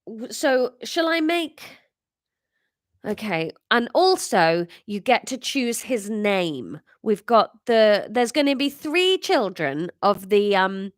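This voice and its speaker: A woman's voice: mid-range voice, sing-song, slow pace, dry recording. Chatty, self-mocking woman storyteller. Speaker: podcast host and storyteller. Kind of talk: improvised comic story reading.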